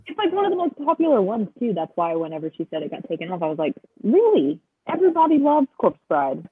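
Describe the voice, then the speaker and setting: A woman's voice: on the low side, very animated, racing, slightly rough, no echo. Woman on a tinny, dry call line. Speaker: co-host. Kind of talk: casual chat.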